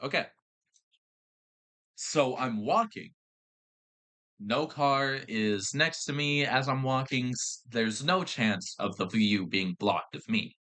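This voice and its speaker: A young man holds the mic on his own podcast and tells stories in a loose, exasperated way, swearing freely and restarting his sentences. His voice has a bright, forceful edge, sitting at an ordinary pitch for a man. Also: slow, long pauses. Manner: exasperated ranting with profanity and restarts. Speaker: podcast host. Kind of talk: casual storytelling chat.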